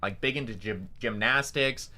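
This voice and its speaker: A man's voice: mid-range voice, moderate pace, pushed and bright. A young man, a streamer, telling a story casually, rambling with lots of fillers and swearing.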